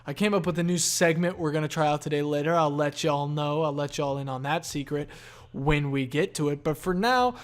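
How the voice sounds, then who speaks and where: A man's voice: fairly high pitch, fairly quick. A tired, yawning man hosting a solo podcast, rambling in a laid-back, profane stream of consciousness. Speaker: podcast host.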